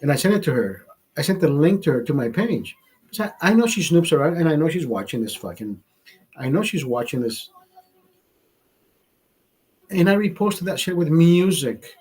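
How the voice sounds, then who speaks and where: A man's voice: fairly high pitch, sing-song, moderate pace, long pauses, darkish tone, slightly rough, rough recording. A man hosting a livestream, telling a story in a heated, profane rant. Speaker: livestream host. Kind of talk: ranting storytime monologue.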